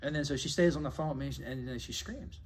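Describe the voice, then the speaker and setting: A man's voice: on the high side, fast talker, a crowd in the background. A man, an MMA coach and fighter, telling stories in a casual interview and acting out the people in them. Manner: animated storyteller who acts out the voices of people in his stories.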